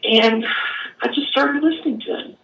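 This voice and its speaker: A woman giving an earnest personal testimony, halting and at times choked up, in an echoey room away from the mic. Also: a little high, vocal fry, fairly bright tone, distant mic, highs cut off, slight background noise. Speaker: guest telling her story.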